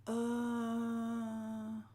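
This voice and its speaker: A woman, a live-streaming art journaling teacher who often sinks into a soft whisper and laughs at herself. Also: a little high, monotone, drawn-out words. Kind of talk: live-stream talk to viewers.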